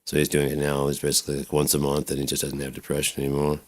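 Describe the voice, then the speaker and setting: A man's voice: rumbling low, completely flat delivery, very fast. A man talking through his own life in a rambling personal vlog, swearing freely and slipping into voices as he tells stories. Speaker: vlogger.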